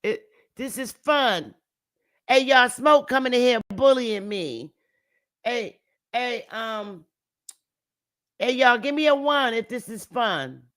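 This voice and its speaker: A woman's voice: on the high side, lively intonation, slow pace, long pauses, a bit bright. A woman hosting a casual livestream, talking loosely and profanely and laughing often as she goes. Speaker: livestream host.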